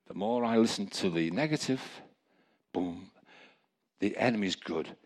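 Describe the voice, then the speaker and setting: A man preaching a testimony sermon, telling stories in a lively way with chuckling asides. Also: low voice, moderate pace, husky. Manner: storytelling, animated, chuckling asides.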